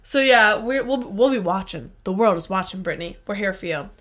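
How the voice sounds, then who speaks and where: A woman co-hosting a casual pop-culture chat, playful and quick with banter. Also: mid-range voice, animated, very noisy. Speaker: podcast co-host.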